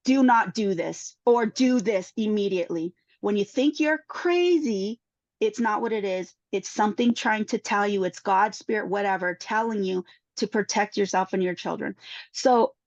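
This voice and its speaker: A woman's voice: medium pitch, darkish tone, dry recording. A woman who is a panel guest, giving an emotional personal testimony and acting out the exchanges she quotes. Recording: dull, dry sound.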